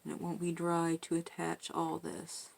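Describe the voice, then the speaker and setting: A woman quietly talking herself through a craft project, muttering and joking at herself as she works. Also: on the low side, monotone, unhurried, vocal fry. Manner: soft-spoken, muttering to herself, self-deprecating. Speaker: crafting video host. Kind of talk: casual narration while crafting.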